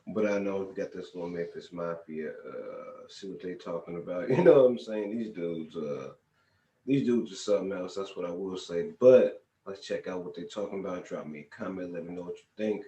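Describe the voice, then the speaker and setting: A man's voice: low-pitched, normal speed, dark tone, slight background noise. A man casually introducing a video in slangy, laid-back talk. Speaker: reaction video host. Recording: roomy distant mic with faint ambience.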